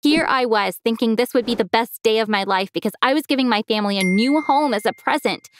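A woman narrating a first-person animated story as a teenage girl, expressive and lively in delivery. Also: fairly high pitch, fast, slight background noise. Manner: expressive, acts out a teenage girl's feelings.

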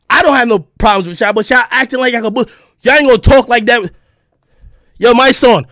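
High-pitched man in a shouting rant. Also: no room sound, clean studio sound. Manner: confrontational, profane, bursts into shouting. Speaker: streamer. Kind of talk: angry livestream rant.

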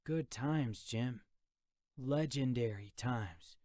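A man's voice: medium pitch, slow, dark tone, no room sound, clean studio sound, lightly acted. A man reading an audiobook, voicing a wisecracking, sarcastic teenage boy.

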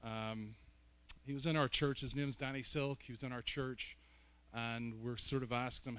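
A man's voice: mid-range voice, steady tone, moderate pace, bright, forceful tone, smooth. Man, Belfast accent, guest preacher, jokey and self-mocking, mid-range voice. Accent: Northern Irish, Belfast. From Northern Ireland. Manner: joking, self-mocking asides. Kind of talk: sermon.

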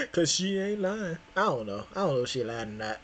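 A man's voice: on the high side, sing-song, moderate pace, a bit bright, a little hiss or hum. A man hosting a reaction video, talking loosely and laughing often as he comments.

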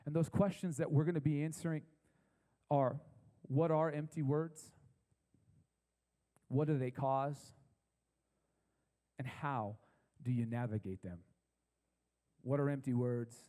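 A pastor delivers a sermon to a live congregation in a church, his voice a touch higher than most men's and mellow in tone. He talks in a relaxed, conversational way and slows down to repeat key phrases for emphasis. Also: in a large hall, rough recording. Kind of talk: sermon to a young adult congregation. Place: church service with a live audience.

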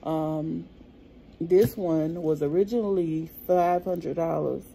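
A woman talks straight to her viewers in a chatty family vlog. Her voice is low, gravelly and warm. She records on a phone camera, with faint noise behind her. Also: slow. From South Carolina. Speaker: family vlogger. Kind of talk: casual vlog chat. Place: at home, then a restaurant.

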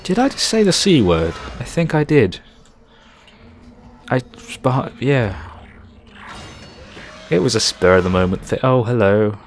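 A man's voice: medium pitch, big pitch swings, measured pace, pauses often, soft background music. A man commentating a video game playthrough, sarcastic and swearing, with jokey asides. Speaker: gaming youtuber. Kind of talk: let's play commentary.

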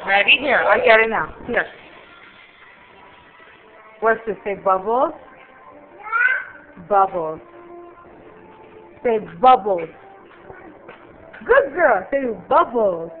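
A woman's voice: medium pitch, lively intonation, slow, long pauses, music in the background. A woman talking to a small child in coaxing, sing-song baby talk, filmed as a home video. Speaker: parent filming a toddler. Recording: tinny lo-fi home video with noise.

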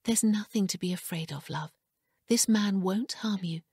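A woman voicing a gentle, caring mother who speaks in a hushed, soothing way in an audiobook. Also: mid-range voice, moderate pace, breathy edge, no room sound, clean studio sound. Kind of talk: audiobook character reading.

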